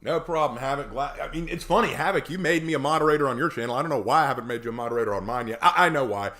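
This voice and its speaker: A man's voice: mid-range voice, racing, bright, forceful tone. A young man casually chatting with his live-stream audience, joking around and answering chat. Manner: chatty, jokey, reads chat aloud.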